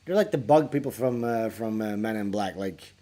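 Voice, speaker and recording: A man's voice: lowish voice, lively intonation, normal speed. A man on a livestream telling crude, rambling stories full of swearing and laughter as he answers viewer questions. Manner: acts out callers in louder voices. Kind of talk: casual livestream chat.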